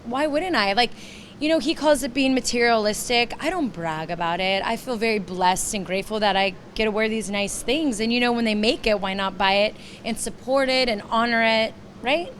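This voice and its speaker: A woman's voice: on the high side, moderate pace, a bit bright. A woman in a casual interview, bantering playfully and defending herself with a laugh in her voice. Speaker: interview guest. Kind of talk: casual chat. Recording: crowd noise behind.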